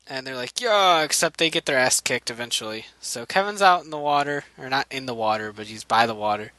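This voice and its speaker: A man's voice: mid-range voice, fairly quick, sharp tone, no room sound, poor audio. A man casually recapping a show episode, rambling and joking with plenty of swearing. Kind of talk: casual comedic recap chat.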